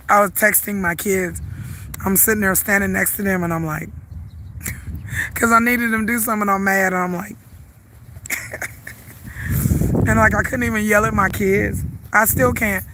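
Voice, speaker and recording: A middle-aged woman with a Southern US accent, congested and hoarse from the flu, chatting and rambling as she walks and livestreams in a park. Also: mid-range voice, fairly even intonation, a little fast, background noise. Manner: chatty, rambling, laughs often. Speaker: vlogger. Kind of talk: casual livestream chat while walking. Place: outdoors at a lake park.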